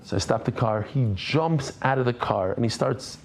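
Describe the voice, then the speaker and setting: A middle-aged man teaching a Talmud class, telling stories in a casual, animated way and sprinkling in Yiddish and Hebrew terms. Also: mid-range voice, moderate pace, creaky. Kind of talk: casual storytelling lesson.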